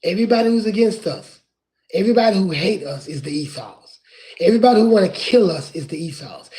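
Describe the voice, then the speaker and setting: Impassioned high-voiced man preaching. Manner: impassioned, rising to crying shouts. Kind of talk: street preaching from scripture.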